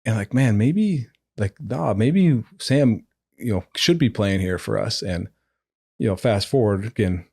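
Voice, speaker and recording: A man in his forties, a football coach guest on a podcast, telling an animated story, acting out the dialogue and laughing as he goes. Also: on the low side, a little slow, gravelly, husky, no echo, studio quality. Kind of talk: conversational storytelling.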